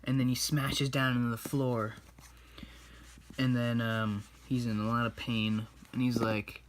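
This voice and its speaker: Man, slow, rambling, offhand, casual comedic movie retelling. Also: mid-range voice, little pitch movement. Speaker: YouTuber.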